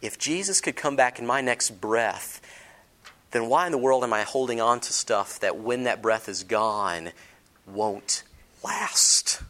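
A man preaching a sermon to a congregation, swinging between booming declarations and hushed near-whispers, with humorous personal stories and questions to the listeners. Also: measured pace. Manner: dramatic shifts from loud to hushed, storytelling with humor. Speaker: pastor.

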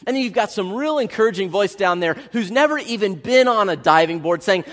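A man preaching a sermon as pastor, telling stories with big swings from loud, excited bursts to hushed, solemn passages. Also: high-pitched, fast talker, few pauses. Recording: long hall reverb.

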